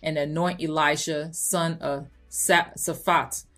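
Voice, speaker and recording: A woman with a fairly low voice hosts a Christian podcast. She reads scripture with strong emphasis and drops into relaxed, chatty asides. Faint music plays behind her. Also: slow. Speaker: podcast host.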